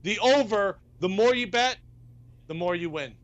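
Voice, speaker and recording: A man giving an animated, emphatic pick as a sports betting analyst in a studio debate, repeating points for effect. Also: sits high, normal speed, lo-fi sound.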